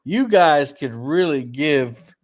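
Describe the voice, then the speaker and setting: A man co-hosting a relaxed chat, amused and prompting the other with questions. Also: fairly high pitch, slow. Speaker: co-host. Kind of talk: casual chat.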